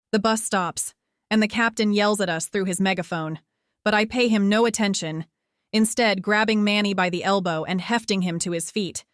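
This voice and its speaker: A woman reading a teen spy thriller as first-person audiobook narration, steady and lightly dramatic. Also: mid-range voice, dry recording, clean studio sound.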